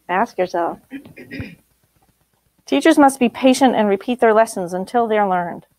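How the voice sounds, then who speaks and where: A woman's voice: medium pitch, slow pace, long pauses, faint music behind, low-quality recording. Emphatic middle-aged woman teacher. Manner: emphatic, laughs often, blunt and lively. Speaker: spiritual teacher. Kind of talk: teaching talk to a group.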